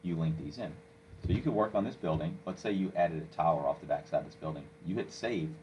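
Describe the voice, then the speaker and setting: A man walking a listener through software step by step, coaching and checking in with "okay?" as he goes. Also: deep voice, fast, highs cut off, a little hiss or hum. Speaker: software instructor. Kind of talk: screen-recorded software tutorial.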